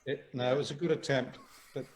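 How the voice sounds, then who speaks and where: A man's voice: mid-range voice, fairly even intonation, brisk, noisy background. Laughing, rambling New Zealand man. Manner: rambling storyteller, laughs often, many restarts. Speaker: guest actor. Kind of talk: casual anecdote on a talk show.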